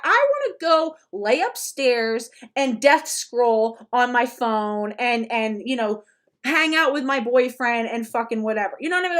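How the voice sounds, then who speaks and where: High-voiced, blunt, profane woman ranting. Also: a bit bright. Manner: blunt, profane and emphatic, with mocking put-on quotes. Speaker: commentary vlogger. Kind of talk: ranting reaction commentary.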